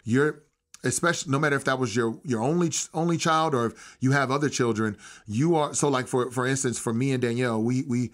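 A man's voice: mid-range voice, fairly quick. Earnest man telling a heartfelt story. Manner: slangy and familiar, calling the hosts bro. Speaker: podcast guest. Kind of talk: casual interview conversation.

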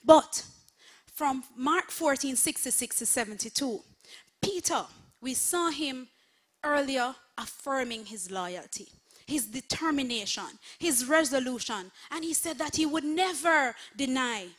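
Woman, online sermon, impassioned, bright tone, measured pace. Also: high-pitched, expressive. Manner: impassioned, swinging from hushed whispers to shouts. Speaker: minister. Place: home setup, streaming online.

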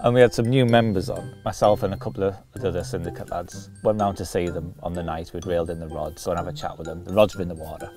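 A man's voice: low voice, quick pace, few pauses, music in the background. A man telling a long funny fishing anecdote, laughing often and acting out the other voices. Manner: animated storyteller, laughs often, acts out voices. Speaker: carp fishing show regular. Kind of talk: storytelling anecdote.

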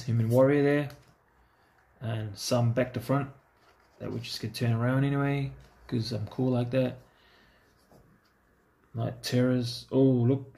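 This card-opening vlogger has a warm, medium-pitched voice. He chats easygoingly to himself as he tears into trading card packs.

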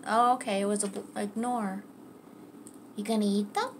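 A woman's voice: medium pitch, fairly even intonation, moderate pace, background noise. A woman talking fondly to her pets, coaxing and praising them in casual chat. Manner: coaxing, fond pet-talk. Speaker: pet owner filming her animals.

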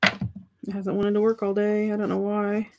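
Middle-aged woman, craft stream host, casual and rambling, mid-pitched voice, faint hiss behind. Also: completely flat delivery, unhurried. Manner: chatty, thinks aloud, talks to viewers' comments. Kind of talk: casual craft demonstration chat.

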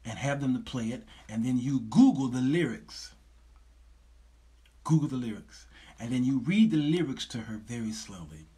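Husky-voiced preachy male talk host. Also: mid-range voice, expressive, normal speed, mellow. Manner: preachy, lecturing, laughs often. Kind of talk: casual livestream talk to viewers.

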